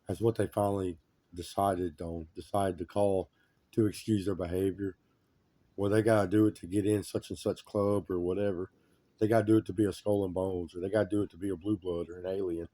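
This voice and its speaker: A man talking on his own in a rambling monologue, his voice low and very dark and mellow. He sounds agitated and repeats his points with insistence. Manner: agitated, repetitive, emphatic complaints.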